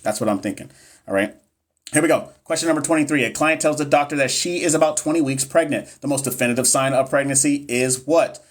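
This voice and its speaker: A man's voice: mid-range voice, quick pace. A man in his thirties tutoring nurses on a livestream, reading exam questions and joking with the chat. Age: 30s. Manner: chatty, joking, reads questions aloud to the chat. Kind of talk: casual livestream teaching.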